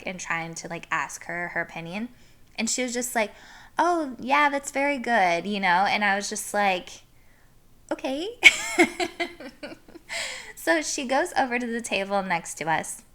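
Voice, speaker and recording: Young woman vlogging, bright voice, rambly storytelling with lots of likes and ums. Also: mid-range voice. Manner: chatty, lots of fillers, laughs through story. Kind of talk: casual storytelling.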